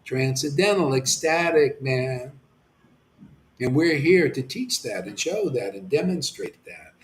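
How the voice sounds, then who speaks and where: A man preaching an impassioned sermon as a spiritual teacher, swinging from shouts to hushed near-whispers and dropping casual slang. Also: medium pitch, expressive, measured pace, a little hiss or hum. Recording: roomy echoey room.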